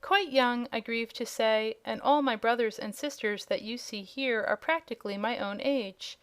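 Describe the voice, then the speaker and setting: A woman voicing a proud, hungry young dragonette who speaks politely and regretfully, in a clear, smooth voice. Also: a little high, moderate pace, close to an everyday voice. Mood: haughty polite. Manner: polite, regretful, slightly haughty. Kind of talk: audiobook character voice.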